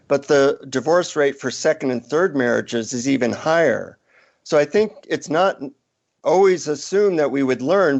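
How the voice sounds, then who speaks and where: A man, an author guest in a podcast interview, explaining ideas and telling an anecdote with lively acted-out quotes. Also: mid-range voice, vocal fry, muffled recording. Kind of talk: conversational interview storytelling.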